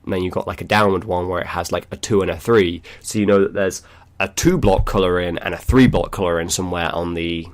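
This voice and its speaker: A man's voice: sits low, creaky. A man hosting a casual gaming discussion, rambling loosely with lots of fillers and small chuckles. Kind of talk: casual chat.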